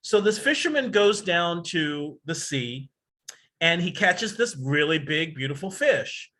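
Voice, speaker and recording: A man's voice: on the high side, very animated, unhurried, pushed and bright. A man hosting an astrology workshop over a video call, lecturing casually in a rambling, digressive way with the odd swear word.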